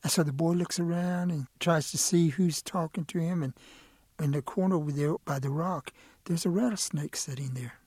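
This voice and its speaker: A man's voice: a little high, normal speed, darkish tone, slightly rough, dry recording, clean studio sound. A middle-aged man telling a traditional story plainly and steadily, ending with a moral for children. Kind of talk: oral storytelling.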